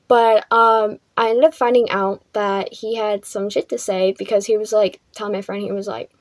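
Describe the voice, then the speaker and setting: A woman's voice: medium pitch, level tone, normal speed, no room sound. A young woman vlogger telling a casual storytime, chatty, filling her talk with "like" and swearing freely.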